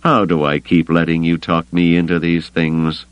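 Man voicing a laid-back gambler pal, quiet, resigned, deep voice, dry audiobook sound. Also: big pitch swings, a little slow, no echo, exaggerated voice. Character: calm, loyal male gambler friend, resigned.

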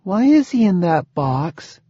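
A man's voice: high-pitched, sing-song, slow pace, dark tone, slightly rough, no room sound, lo-fi sound, pitched above the performer's own voice, full character voice. Casting: shy little girl, small uncertain voice, read by a male narrator, audiobook. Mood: shy, curious. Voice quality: small timid voice.

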